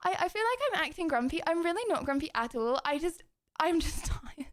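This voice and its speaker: A young woman hosting a live stream, talking casually and playfully to her viewers. Her voice sits high. She chats in a bubbly, self-teasing way and moves quickly from one thought to the next. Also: lively intonation, no room sound. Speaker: streamer hosting chat debates.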